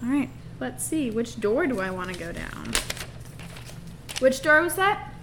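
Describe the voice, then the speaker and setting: A woman's voice: on the high side, sing-song, measured pace, background noise. A woman playing a fairy character in a tabletop game, bubbly and playful. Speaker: player.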